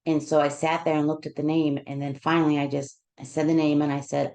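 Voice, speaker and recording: A counselor sharing a personal story with listeners, emotional and near tears, talking in a heartfelt, halting way with many restarts. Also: female voice, low voice, level tone, warm tone.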